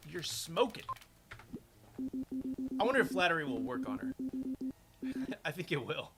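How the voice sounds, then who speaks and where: A man's voice: fairly high pitch, very animated, moderate pace, pauses often. Young male streamer, playful and self-mocking, casual chat, keyboard clicks behind. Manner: joking, playful, laughs at himself. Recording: loud keyboard typing noise. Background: keyboard clicks and typing.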